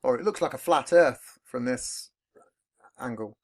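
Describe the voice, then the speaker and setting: A man's voice: medium pitch, a little slow, vocal fry. A man with a British accent hosting a podcast, chatting casually in a rambling way and swearing freely. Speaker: podcast host. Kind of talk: casual chat. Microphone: podcast recording.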